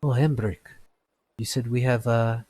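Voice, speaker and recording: A man voicing a blue-skinned male genasi smith who is curious and excitable. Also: medium pitch, measured pace, husky, pitched above the performer's own voice. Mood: surprised.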